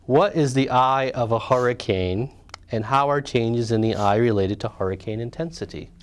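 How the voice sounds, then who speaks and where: A man reads viewer questions aloud in a relaxed talk show. His voice sits at an ordinary middle pitch. He drops wry, deadpan jokes between the questions. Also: moderate pace. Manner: dry, wry straight man. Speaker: co-host reading questions. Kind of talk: joking Q&A banter.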